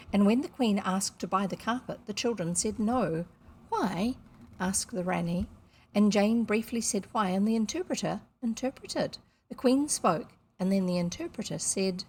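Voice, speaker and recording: A woman's voice: medium pitch, a little mellow, slightly rough. A woman from New reading a children's novel aloud on camera, with chatty, self-deprecating asides. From New Zealand. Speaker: audiobook reader on video. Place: seated indoors reading at camera.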